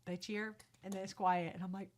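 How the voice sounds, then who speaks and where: A woman's voice: medium pitch, little pitch movement, fairly quick, darkish tone. A young woman, a singer-songwriter chatting as a podcast guest who laughs often and acts out quotes. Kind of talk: casual podcast chat.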